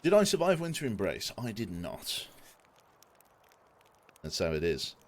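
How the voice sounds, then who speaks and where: Lively-voiced young man streaming games. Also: lowish voice, a little slow, a little hiss or hum. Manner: jokey, self-deprecating, swears casually. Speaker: game streamer. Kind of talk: casual live-stream chat. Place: home room. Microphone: desk microphone.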